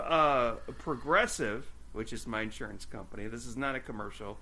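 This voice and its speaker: A man's voice: on the high side, fairly quick, hardly any pauses. A man co-hosting a podcast, chatting casually and ranting with swearing as he recaps a TV episode. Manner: ranting, animated, swears, acts out quotes. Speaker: podcast co-host.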